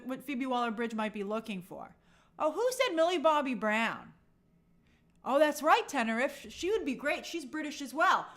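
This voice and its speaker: A woman's voice: fairly high pitch, a bit bright. A woman hosting a live movie news stream, chatting and reading viewer comments with frequent restarts and opinionated asides.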